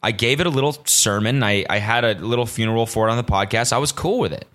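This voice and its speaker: A man hosting a solo podcast, rambling casually and swearing often, veering between excitement and deadpan asides. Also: medium pitch, fast talker. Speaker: podcast host.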